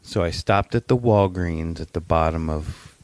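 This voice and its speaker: Sitting low in pitch and speaking at a moderate pace, this man co-hosts a podcast and spins a story with plenty of cursing. He acts out the voices of whoever he's quoting, and the recording has no room sound.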